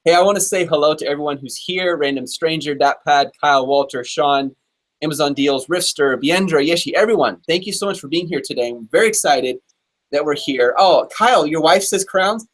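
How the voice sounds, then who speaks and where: A man from Texas hosting a live interview show, talking in an upbeat, chatty way with quick asides. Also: fairly high pitch, a bit bright. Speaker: host.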